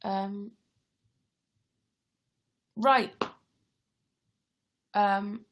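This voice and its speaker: A woman's voice: medium pitch, fairly even intonation, drawn-out words. A young woman hosting a casual livestream, answering viewer questions in a chatty, friendly way while tired and yawning. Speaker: livestream host.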